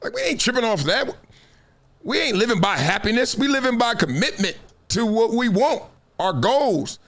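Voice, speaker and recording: Animated, high-voiced man hosting commentary. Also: moderate pace. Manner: animated storytelling, acting out quotes. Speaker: show host. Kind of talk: casual commentary.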